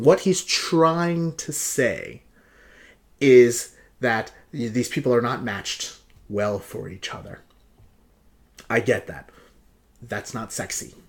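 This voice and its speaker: A man hosting a casual video, picking apart song lyrics in an exasperated, sarcastic rant and repeating his points for emphasis. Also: mid-range voice. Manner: emphatic repetition. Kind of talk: casual vlog commentary.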